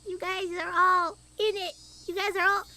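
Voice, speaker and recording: A woman's voice: extremely high pitch, level tone, moderate pace, sharp tone. A woman streamer chatting tiredly at the end of a long game stream, crude and jokey. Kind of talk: casual livestream chat.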